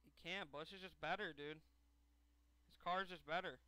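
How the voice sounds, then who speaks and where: A young man reacting live to a race in casual chat, blunt and swearing, often flatly resigned. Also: sits high, moderate pace, smooth, dry recording.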